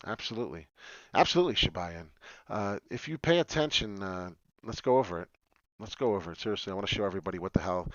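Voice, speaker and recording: A man hosting a casual crypto livestream, talking in an excitable, rambling way with frequent swearing. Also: sits low, no room sound, dull audio. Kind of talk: casual live chart talk.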